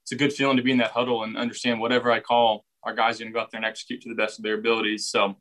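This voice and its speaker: A young man speaks in an even, flat tone with little rise or fall. He answers reporters' questions casually and often restarts a phrase before finishing it. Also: medium pitch, racing, low-quality recording. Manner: relaxed, repeats words while finding phrasing. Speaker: football quarterback at a press session. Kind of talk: casual press interview answers.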